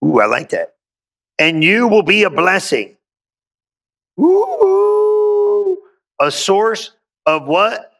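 A man's voice: on the high side, sing-song, measured pace, gravelly, bright, forceful tone. A male pastor preaching a sermon, reading scripture aloud and breaking in with exuberant call-and-response asides.

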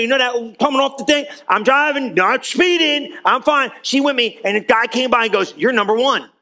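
This man's voice is very high with a sharp edge. He's a pastor delivering a sermon in church, addressing the congregation as a friend would and calling again and again for claps and amens.

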